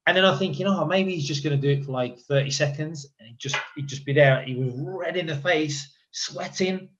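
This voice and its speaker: A man's voice: on the high side, fairly quick, fairly bright tone, highs cut off. A man who is a former footballer, guest on a podcast, telling rambling casual stories with quoted asides. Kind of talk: casual storytelling chat.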